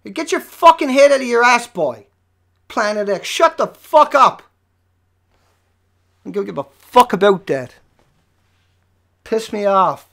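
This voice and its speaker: A livestream host delivering an angry, profane rant at viewers, dropping to low muttering and then rising to yelling. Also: big pitch swings, a little slow, creaky, long pauses.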